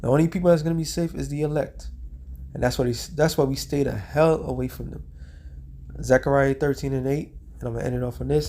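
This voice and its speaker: A man preaching a street sermon, reading scripture slowly and breaking into slang while checking in with "all right?". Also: medium pitch, fairly even intonation, warm tone, slight background noise. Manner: reads scripture in a slowed, drawn-out cadence.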